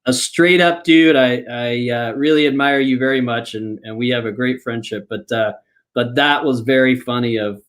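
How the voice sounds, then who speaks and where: A man's voice: mid-range voice, fairly even intonation, moderate pace, fairly bright tone. Rambling male podcast host telling a story. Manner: rambling, full of fillers and restarts. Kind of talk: casual storytelling. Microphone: podcast microphone, live online.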